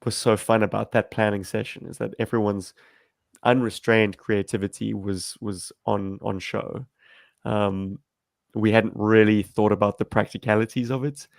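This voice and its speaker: Gravelly low-voiced man on a call. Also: steady tone, no room sound, studio quality. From South Africa. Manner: rambling, self-deprecating, halting with fillers. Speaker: amateur filmmaker guest. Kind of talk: livestream discussion. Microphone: video call.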